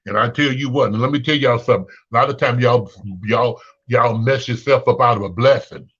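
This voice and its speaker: A man from Chicago, hosting a talk show and delivering a blunt, sassy, unscripted rant, his pitch jumping high when he is exasperated. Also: fairly quick, fairly bright tone, breathy edge, lo-fi sound.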